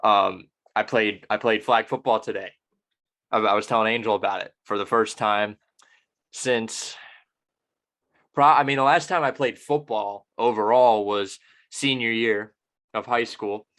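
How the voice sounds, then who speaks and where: A man's voice: fairly low pitch, fairly even intonation, measured pace, a bit bright. A young man hosting a podcast, rambling and self-deprecating in casual chat. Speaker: podcast host.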